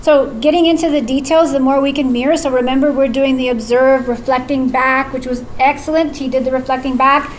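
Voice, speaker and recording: A woman's voice: high-pitched, steady tone, a little fast, few pauses. A woman facilitator teaching a live workshop, upbeat and encouraging, often checking in with "right?". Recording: echoey room with faint noise.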